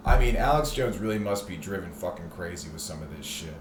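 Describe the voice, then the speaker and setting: A man's voice: sits low, animated, fairly quick. A man hosting a heated, profane, sarcastic ranting monologue. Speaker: host. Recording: echoey room with faint noise.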